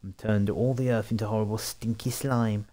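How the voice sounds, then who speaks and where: An eager, upbeat young farm girl from a game, read out by a man in his own fairly low voice. She talks brightly about her plans. The voice stays close to everyday speech. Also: steady tone, moderate pace, close to an everyday voice.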